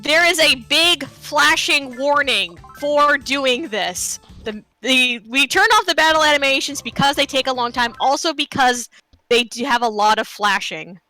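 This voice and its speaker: A woman speedrunner narrates her live game run in a loose, chatty way, full of fillers and playful asides. Her voice is high and bright. The talk is easygoing and conversational. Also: measured pace, faint music behind. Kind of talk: casual live game commentary.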